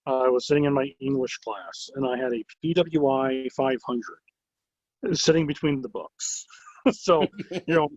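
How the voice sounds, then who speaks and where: A man who owns a wrestling promotion, telling stories in a casual interview with an animated, rambling manner and many filler words. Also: mid-range voice, unhurried, no echo. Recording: dull lo-fi recording.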